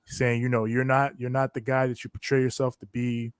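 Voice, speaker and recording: A man's voice: medium pitch, little pitch movement, a little fast, clean tone, dry recording, studio quality. A man co-hosting a casual wrestling reaction chat, laid-back and agreeable in his talk. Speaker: podcast co-host.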